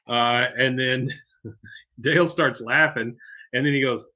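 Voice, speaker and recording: A man co-hosting a podcast, walking through an episode in a loose, chatty recap. His voice is bright and forceful. He is mid-pitched and sprinkles in filler "uh"s and wry asides. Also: a little slow. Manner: retells scenes with filler "uh"s and side jokes. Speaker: podcast co-host.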